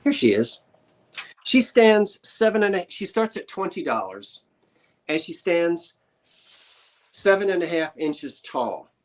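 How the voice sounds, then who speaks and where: Man, live auction host, chatty, rambling, joking asides, slightly high voice. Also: sing-song, slow, long pauses. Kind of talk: live-stream auction patter.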